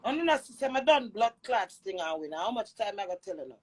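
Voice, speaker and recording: A Jamaican woman ranting with loud, brash cursing, swinging between shouting and low mutters. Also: sing-song, quick pace, rough recording. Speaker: social media personality. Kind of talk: cursing rant.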